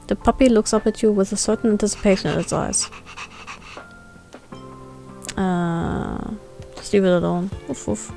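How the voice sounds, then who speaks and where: A woman's voice: medium pitch, moderate pace, gravelly, pauses often, warm tone, faint music behind. A woman streamer, playfully reading game dialogue aloud as she plays and barking along for the dog. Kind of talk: reading game text aloud while playing.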